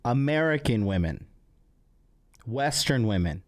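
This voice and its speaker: A man's voice: medium pitch, animated, a little slow. A man hosting a podcast stream, commenting on a played clip and reading out his live chat in an upbeat way. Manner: upbeat, reading out chat, addressing viewers directly. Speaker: podcast host.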